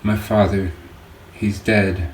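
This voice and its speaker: A man voicing a cheerful, curious little orphan girl who chatters excitedly, in an audiobook. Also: on the low side, slow, recorded from a distance. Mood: grieving. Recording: echoey room, faint hiss.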